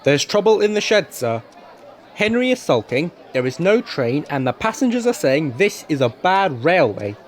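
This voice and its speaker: A man's voice: on the high side, big pitch swings, some chatter behind. Man doing a worried station master. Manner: worried, hurried. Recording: noisy home recording.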